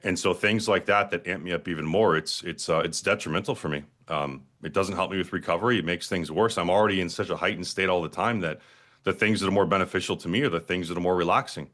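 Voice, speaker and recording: A man's voice: low-pitched, fast, fairly bright tone. A man hosting a casual podcast conversation, explaining points in an easygoing way with tag questions. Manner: explanatory, calls himself wired and amped. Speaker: podcast host.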